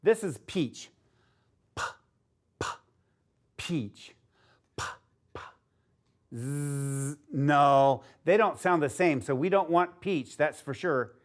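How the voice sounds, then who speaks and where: A man teaching a phonics lesson to young children, sounding out letters and cheering them on. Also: on the high side. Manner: slow, sounding out letters, upbeat and encouraging.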